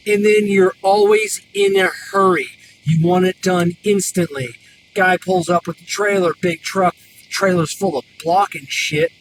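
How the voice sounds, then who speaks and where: A man who works as a mechanic and hosts a podcast, ranting about customers in a casual, profane, rambling way full of fillers. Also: a little high. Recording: distant mic with clear background noise.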